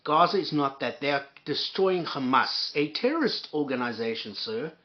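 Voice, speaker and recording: A man's voice: on the high side, animated, normal speed. Guy ranting and cussing on his commentary show, stammery, muffled audio. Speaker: commentary host. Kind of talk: angry reaction commentary.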